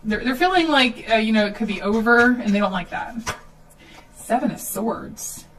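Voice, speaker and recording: A woman's voice: fairly high pitch, animated, normal speed, fairly bright tone, distant mic, low-quality recording. A woman giving a casual tarot reading at home, chatty, with filler ums and nervous laughs. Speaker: tarot reader.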